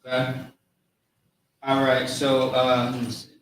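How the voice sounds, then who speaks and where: A man giving a casual, slangy lesson on words, spelling them out slowly. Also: medium pitch, monotone, fairly bright tone. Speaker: teacher of a language class. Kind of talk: informal lesson with a live chat. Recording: echoey room, far from mic, faint noise.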